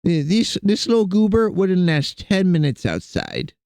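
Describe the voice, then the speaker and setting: Casual guy streaming from home, bit high voice, bouncy and jokey, talks to his cats. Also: huge pitch swings, a little slow, darkish tone, clear, resonant tone, no echo. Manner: rambling, joking, chatting to his cats. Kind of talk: casual live-stream chat. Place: home computer desk.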